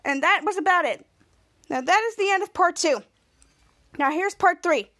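Very high-voiced woman recapping an episode. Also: pushed and bright. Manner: halting retelling with many restarts and "cut to"s. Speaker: podcast host.

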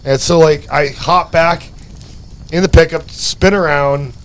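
A man's voice: on the high side, fairly even intonation, unhurried, smooth. A man telling a rambling, profane story in casual chat, stacking fillers as he goes. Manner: rambling and profane, full of "like" and "you know".

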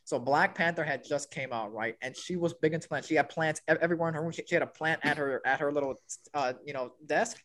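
On a podcast he co-hosts with friends from school, a young adult man narrates a story in casual banter at a quick pace. His voice is a little high, and he swears freely while animatedly acting out what others said.

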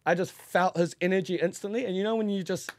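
A New man chatting as a podcast guest, his voice sitting a little higher than most men's. He rambles with feeling, swears freely and pads his talk with fillers. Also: fairly even intonation, fast, darkish tone, slight background noise. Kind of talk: casual podcast chat.

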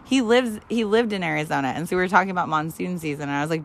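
A woman's voice: on the low side, very fast, creaky, slight background noise. A woman in her twenties swapping stories with a friend in casual podcast chat, swearing freely and laughing often. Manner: profane, laughing storyteller. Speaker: podcast co-host.

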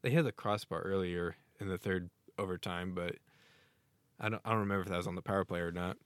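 A man chatting casually on a podcast, his voice sitting a little low. He rambles excitedly and often breaks into laughter. The recording is dry and close, with no room sound. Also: quick pace, clean tone, no echo. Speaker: podcast co-host. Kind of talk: casual sports chat.

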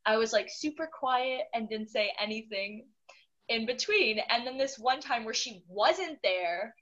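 Young woman, kinda high voice, chatty and animated, laughs a lot. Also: a little slow, dull audio. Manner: animated storyteller, laughs often. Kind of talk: casual chat.

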